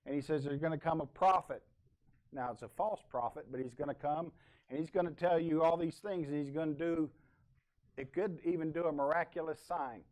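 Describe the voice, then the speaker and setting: A man's voice: on the high side, fairly quick, a little mellow. A male pastor preaching a Bible sermon in a loose, conversational way, asking the congregation questions and trailing off into asides.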